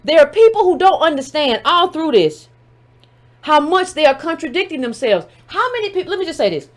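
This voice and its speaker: A woman with a high voice hosts a live commentary stream. She talks emphatically, throws pointed rhetorical questions at the person she is discussing, and turns often to address her viewers directly. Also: sing-song, fairly quick. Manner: speaks directly to her audience. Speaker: political commentator. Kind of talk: livestream commentary.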